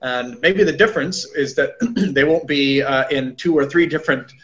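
A man speaking as a pastor in a casual church discussion, earnest and halting with many restarts. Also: on the high side, a bit bright, highs cut off.

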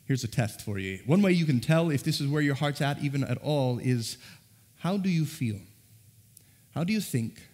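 A man's voice: medium pitch, a little mellow. A man preaching a sermon as pastor, earnestly pressing his listeners with rhetorical questions, recorded in a church sanctuary. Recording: long reverb of a large church hall.

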